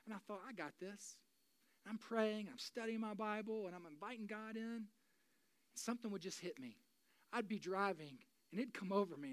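A pastor in their forties giving a sermon, moving between loud, urgent preaching and quiet, confiding talk. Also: medium pitch, no room sound. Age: 40s. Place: church.

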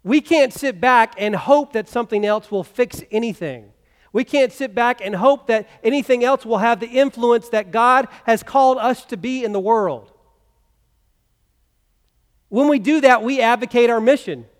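Long church-hall reverb trails this pastor's sermon, spoken in an extremely high-pitched voice at a moderate pace. He keeps things conversational, putting rhetorical questions to the congregation.

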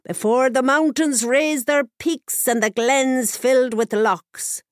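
A woman voicing an ancient, stern female winter hag from a storybook, speaking slowly and gravely. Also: sits high, dry recording, clean studio sound, voice pushed up. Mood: sad, ancient. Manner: slow, commanding and grave.

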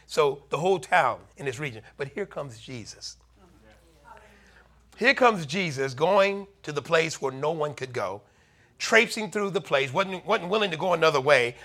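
A man preaching a sermon, retelling a Bible story with lively asides and acted-out warnings. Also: on the high side, moderate pace. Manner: animated preaching, acting out townspeople's warnings.

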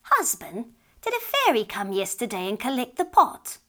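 A woman's voice: on the high side, wildly swooping pitch, normal speed, pushed and bright, heavily acted. A woman voicing a fretful, scolding old farmer's wife in a storybook reading, raising her voice sharply. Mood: questioning.

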